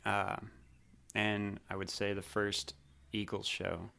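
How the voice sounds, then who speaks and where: A man in his thirties from Missouri talks in a loose, rambling way full of fillers. His voice sits low but sounds bright and crisp. He tells stories easily, like a guest recalling old times. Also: level tone, slow. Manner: rambling, laid-back storytelling with fillers. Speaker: guest, former drummer. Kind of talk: casual interview chat.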